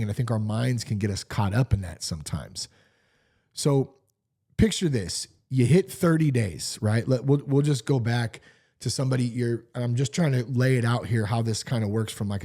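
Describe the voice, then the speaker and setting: A man in his forties hosting a podcast solo, talking in an animated, candid way and swearing freely. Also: medium pitch, gravelly, husky. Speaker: podcast host. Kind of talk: casual solo podcast talk.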